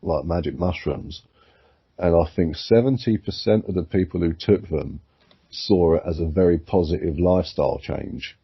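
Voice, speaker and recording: A man with a very low, husky voice, talking in a relaxed, rambling podcast chat. He swears constantly and gets animated as his theories build. The sound is dull and lo-fi. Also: moderate pace. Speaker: podcast co-host. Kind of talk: casual chat. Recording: muffled lo-fi sound.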